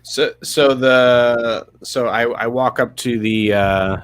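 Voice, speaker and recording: A man's voice: mid-range voice, steady tone, takes it slowly, clean tone, no room sound. A man taking part as a player in a tabletop game, speaking hesitantly with stumbling restarts. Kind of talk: casual tabletop game play.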